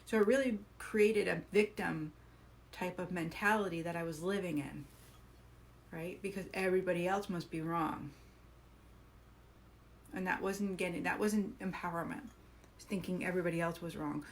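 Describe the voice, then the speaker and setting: A woman's voice: lowish voice, moderate pace, long pauses, a little hiss or hum. A woman hosting a live coaching stream, talking earnestly and encouragingly, asking her viewers questions.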